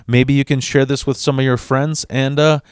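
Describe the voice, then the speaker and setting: A man's voice: mid-range voice, level tone, moderate pace, a little hiss or hum. A man casually telling a personal story on his video channel, rambling, with frequent stammered restarts and heavy swearing.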